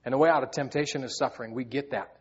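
A man's voice: medium pitch, very fast, husky, muffled recording. A man preaching a sermon, telling personal stories in an earnest, heartfelt way, often repeating words as he goes. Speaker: pastor.

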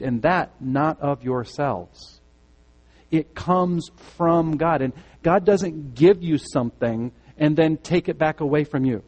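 A man's voice: fairly high pitch, a little mellow. Emphatic male pastor, reverberant sanctuary. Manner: emphatic, repeats words for stress. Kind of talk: sermon. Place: church sanctuary.

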